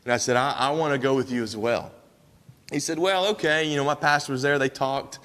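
A young missionary man with an East Tennessee drawl tells stories to a church in a folksy, easygoing manner, often restarting his sentences. His voice is of middle pitch and carries a long reverb from the sanctuary. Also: steady tone, a little fast, fairly bright tone. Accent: East Tennessee Southern. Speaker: missionary speaker.

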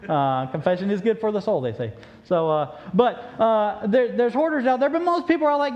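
Male preacher, high voice, lively storytelling sermon, dull lo-fi sound. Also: a little fast. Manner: animated, joking, storytelling. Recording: dull lo-fi recording.

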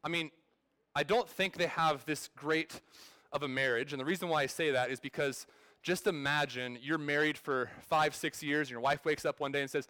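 A man's voice: a little high, moderate pace, bright, forceful tone, no echo. A man in his thirties preaching a sermon as pastor, in a conversational way that restarts and repeats words.

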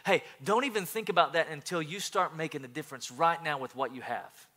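A man preaching a sermon as pastor, animated, often repeating words and swinging between loud and soft. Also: a little high, fairly quick.

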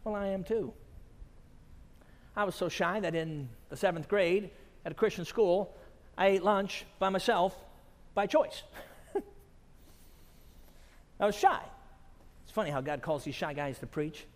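A man preaching at a conference, his voice sitting a bit high for a man. He tells stories between points and laughs softly as he goes. The sound carries a long reverb from a large hall. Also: unhurried, pauses often. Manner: storytelling with frequent chuckles. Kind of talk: sermon.

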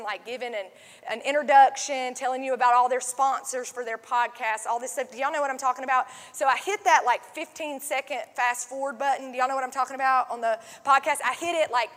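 Woman preaching casually in an echoing church. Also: high-pitched. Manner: conversational, many fillers like "like" and "um", drops to a soft hush when quoting. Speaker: pastor. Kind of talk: sermon. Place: church sanctuary. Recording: long hall reverb.

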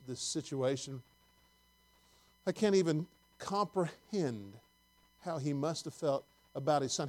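A man's voice: sits high, a little mellow. A middle-aged male preacher giving a conversational sermon, reading scripture and asking the congregation questions.

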